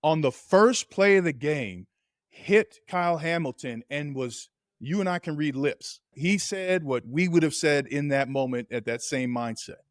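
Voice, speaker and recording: A man co-hosting a sports podcast, a former football player telling game stories in animated, emphatic casual chat. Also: fairly high pitch, unhurried, dry recording, clean studio sound.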